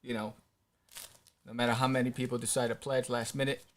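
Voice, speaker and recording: A middle-aged man, an independent comic creator, hosts a live stream and talks casually in a rambling, excitable way with many fillers. His voice is medium-pitched and fairly quick.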